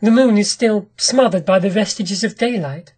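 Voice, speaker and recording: A storyteller reads as a nervous young painter, polite on the surface with an edge underneath. The voice is husky and mid-pitched. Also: moderate pace, a little mellow, natural voice. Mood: uneasy. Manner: uneasy, forced laughter. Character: nervous young male artist. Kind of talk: audiobook character reading.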